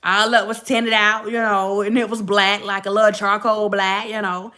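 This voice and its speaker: A woman's voice: medium pitch, little pitch movement, normal speed, sharp tone. A middle-aged woman, telling casual stories to her listeners and laughing often as she talks. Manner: chatty, laughing, addresses listeners as y'all. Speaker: podcast host. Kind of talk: casual storytelling to viewers.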